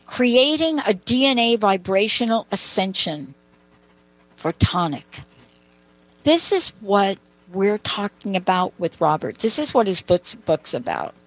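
A woman's voice: mid-range voice, sing-song, a little slow, low-quality recording. A woman hosting a talk show, telling personal stories in a chatty way and making asides to her co-host. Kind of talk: conversational storytelling.

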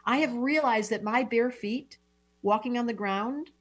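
Husky-voiced effusive woman astrologer. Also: fairly high pitch, measured pace. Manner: effusive, emotional, restarts often. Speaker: astrologer guest. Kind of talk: enthusiastic interview talk.

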